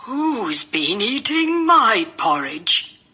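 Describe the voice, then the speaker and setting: A man voicing a prim, indignant mother bear in a high falsetto for a storybook cartoon. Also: big pitch swings, very slow, bright, forceful tone, slight background noise, heavily acted.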